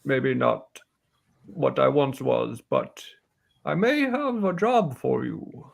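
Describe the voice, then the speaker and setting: Man doing a gravelly old warrior woman, gruff, blunt, halting, scornful. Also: mid-range voice, expressive, exaggerated voice. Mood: hesitant.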